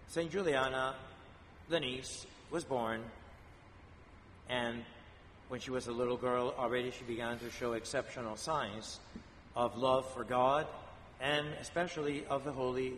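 A male priest telling a saint's story in a homily, slow and measured, with pauses and fillers. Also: medium pitch, a bit bright. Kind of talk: homily on a saint's feast day. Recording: long church reverb, faint background noise.

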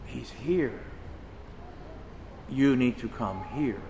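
A man preaching a sermon as a priest, slow and emphatic, acting out dramatic quotes. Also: mid-range voice, vocal fry, warm tone, slight background noise. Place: church shrine. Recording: long church reverb.

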